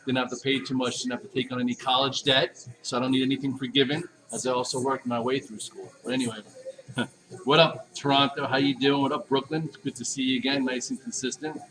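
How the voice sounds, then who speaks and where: A man from Long Island, hosting a casual morning stock market livestream and giving energetic shout-outs to viewers. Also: medium pitch, a little fast, poor audio. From Long Island, New York. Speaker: stock market show host.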